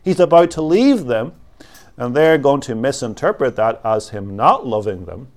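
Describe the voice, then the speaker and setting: A man preaching an expository sermon, slow and emphatic, repeating key words for weight. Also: mid-range voice, lively intonation.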